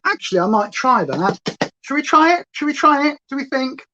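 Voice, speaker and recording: A woman's voice: sits high, sing-song, moderate pace, sharp tone, a little hiss or hum. A woman hosting a chatty makeup livestream, rambling playfully and reading chat aloud. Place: at home. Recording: slightly dull lo-fi sound.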